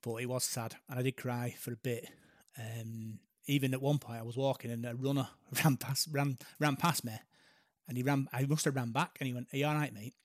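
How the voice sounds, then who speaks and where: A man's voice: mid-range voice, steady tone, moderate pace, dry recording, clean studio sound. A man, co-hosting a casual chat, talking hesitantly and reflectively. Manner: hesitant, reflective, soft-spoken. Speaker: podcast co-host.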